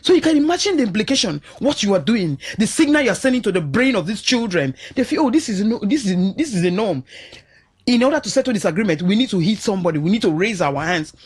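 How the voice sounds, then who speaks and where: A middle-aged Nigerian woman speaks as a studio radio guest, her voice slightly husky and swinging widely up and down. She tells stories animatedly and acts out the people in them. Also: medium pitch, fast, hardly any pauses. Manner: animated storyteller, acts out quotes with shifts of voice. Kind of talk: radio talk show discussion.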